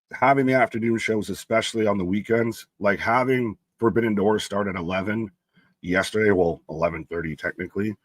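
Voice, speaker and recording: A man's voice: fairly low pitch, dry recording. A young man co-hosting a live wrestling stream, chatting casually and reading out viewer comments by name. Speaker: co-host of a live wrestling watch-along stream.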